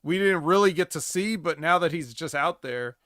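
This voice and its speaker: A man's voice: fairly high pitch, expressive, normal speed, a bit bright, no echo, clean studio sound. Rambling man with many "like"s. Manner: rambling, filler-heavy, full of "like". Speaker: podcast co-host. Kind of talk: casual chat.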